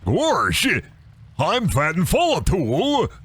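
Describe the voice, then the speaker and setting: A man doing an impression of a goofy, dopey cartoon dog man with a slow drawl. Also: high voice, huge pitch swings, fairly bright tone, breathy edge, pitched above the performer's own voice, heavily acted.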